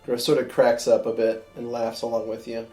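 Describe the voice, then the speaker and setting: Very low-voiced woman running a tabletop game. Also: little pitch movement, warm tone, faint music behind. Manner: hesitant, halting. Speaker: game master.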